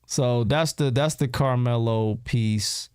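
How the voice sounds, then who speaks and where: A man's voice: mid-range voice, takes it slowly, a little mellow, smooth, dry recording, clean studio sound. Man firing questions at his livestream chat. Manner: repeats himself and fires rhetorical questions at viewers; loose slangy street talk. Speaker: livestream host answering chat. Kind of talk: casual livestream commentary.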